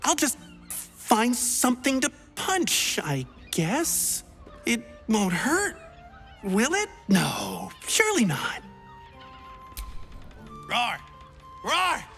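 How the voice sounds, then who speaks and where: A woman voicing an eager, clumsy young male would-be adventurer in a video game, who talks excitably, rambles and stumbles over his words. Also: high voice, drawn-out words, gravelly, long pauses, faint music behind, heavily acted. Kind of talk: game character dialogue.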